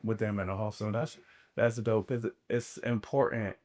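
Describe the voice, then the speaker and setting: Relaxed, candid male podcast co-host. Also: lowish voice, moderate pace. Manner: relaxed, candid storytelling, slang. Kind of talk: casual conversation.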